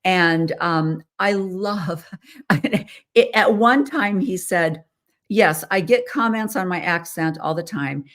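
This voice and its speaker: Speaking slowly at a fairly low pitch, a woman from the United States hosts a podcast on her own. Her casual talk is chatty and meandering, full of fillers and restarts.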